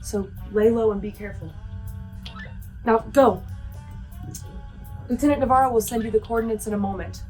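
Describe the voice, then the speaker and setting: A woman playing a starship commander, giving brisk, commanding orders to her crew. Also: on the high side, darkish tone, faint music behind, rough recording.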